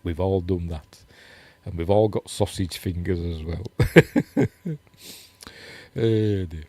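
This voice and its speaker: A man's voice: low voice, expressive, slow pace, pauses often, warm tone, no room sound. A middle-aged man with a Yorkshire accent, hosting a casual news chat and rambling through articles and stories. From Yorkshire, England. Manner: rambling, chatty, self-deprecating, reads quotes and chat comments. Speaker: host.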